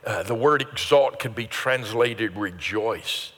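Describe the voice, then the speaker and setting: Older male pastor, bright, hall echo. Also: lowish voice, slow. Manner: earnest, repeats phrases, builds to rising emphatic peaks. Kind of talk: sermon. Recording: sermon in a reverberant church hall.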